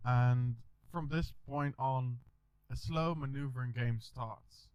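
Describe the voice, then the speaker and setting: Male chess coach, middle pitch, narrating a lesson over a dull, dry mic. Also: slow, a little mellow, clear, resonant tone, dry recording. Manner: talks through moves with small restarts.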